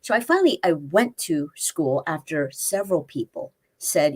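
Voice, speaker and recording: A woman's voice: sits low, expressive, normal speed, a little hiss or hum. A woman in her fifties, a life coach and guest, chatting casually and telling stories, acting out quoted dialogue. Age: 50s. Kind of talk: casual interview chat. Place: spare room at family home.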